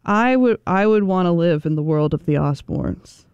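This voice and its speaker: Smooth high-voiced man, playful chat. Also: expressive, moderate pace, darkish tone, no echo, dull audio. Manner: playful, laughing easily. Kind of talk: casual chat.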